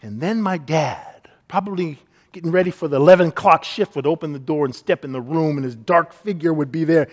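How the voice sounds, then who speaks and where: A man's voice: on the high side, brisk, big-room sound. A man preaching a sermon as pastor, earnest, and often acting out the people he quotes.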